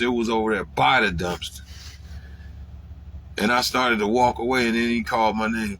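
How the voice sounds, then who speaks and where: A profane, animated man telling a story. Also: normal speed, pauses often. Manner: acts out his own past lines in a louder, higher voice. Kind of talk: casual spoken storytelling.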